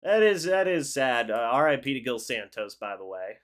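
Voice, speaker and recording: A young man hosting a live football reaction stream, calling the plays and chatting with viewers in an excitable, talkative way. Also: medium pitch, moderate pace. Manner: excitable, chatty, reads chat aloud and calls plays. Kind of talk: live game reaction with play-by-play and chat replies.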